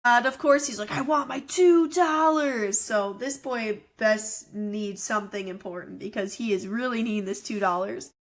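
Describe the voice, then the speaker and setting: A woman's voice: medium pitch, steady tone, normal speed, hardly any pauses. A woman co-hosting a podcast, chatting casually as she narrates a movie's plot and reacts to it. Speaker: podcast co-host. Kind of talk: casual movie recap chat.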